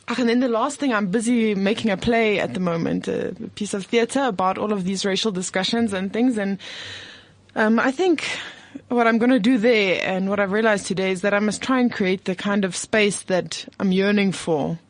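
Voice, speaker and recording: A woman's voice: medium pitch, moderate pace, no room sound. A woman, a teacher, speaking hesitantly in a group discussion, often restarting and searching for words. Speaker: teacher and theatre maker.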